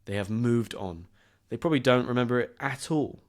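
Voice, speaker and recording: Hosting a podcast aimed at English learners, a young man from southern England tells a personal anecdote, poking fun at himself and laughing along the way. He speaks at medium pitch, a little on the fast side.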